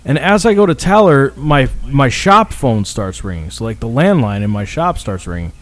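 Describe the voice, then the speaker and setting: A man's voice: medium pitch, big pitch swings, normal speed, fairly bright tone. A man telling a long story in casual chat, rambling, restarting sentences and swearing freely.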